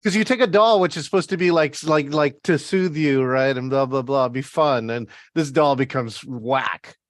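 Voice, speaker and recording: A man in casual conversation, excitable and tripping over his words. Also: mid-range voice, moderate pace. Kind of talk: casual chat.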